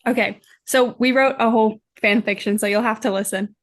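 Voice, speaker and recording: A woman's voice: fairly high pitch, fairly even intonation, fairly quick. A woman from the United States reading aloud a short fan fiction her group wrote for a games night.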